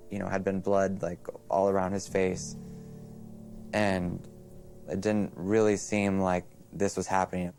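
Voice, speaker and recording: A young man recalling events in a documentary interview, halting and soft-spoken. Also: sits low.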